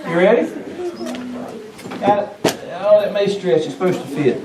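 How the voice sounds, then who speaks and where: A man's voice: high voice, normal speed, crowd noise. A man leading a children's church lesson, patient and coaxing, full of questions to the kids. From Georgia, US. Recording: echoey room from far off, kids chattering.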